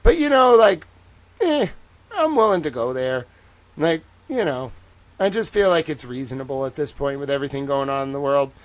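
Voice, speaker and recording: A man's voice: medium pitch, expressive, brisk. A man hosting a livestream, talking in a casual, rambling way with joking, self-mocking asides. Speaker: livestream host.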